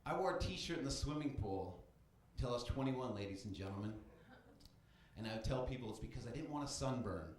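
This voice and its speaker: A man's voice: medium pitch, animated, a little fast, darkish tone. A man doing a self-mocking stand-up set at an open mic. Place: comedy club stage. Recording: very echoey club with faint noise.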